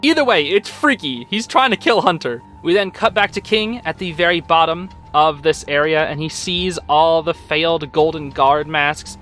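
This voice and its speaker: A young man with a high, sharply bright voice recaps an episode in casual talk. He sounds excitable and informal, with slang and plenty of fillers, over faint music. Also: normal speed, few pauses. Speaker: host.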